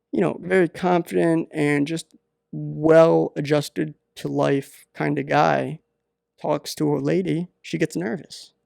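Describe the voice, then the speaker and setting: A man with a gravelly voice delivers comedic advice in a deadpan ramble, stalling on fillers as he goes. He sounds close and dry, hosting his own podcast. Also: fairly high pitch, no echo. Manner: rambling, halting, many fillers. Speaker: podcast host.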